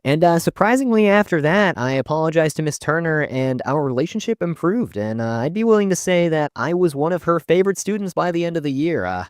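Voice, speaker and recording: A young man telling a school story to his viewers in an animated, joking way. His fairly high voice swings widely up and down as he talks. The sound is dry and close, with almost no room echo. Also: brisk, hardly any pauses, smooth. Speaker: storytime YouTuber. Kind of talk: casual storytime narration.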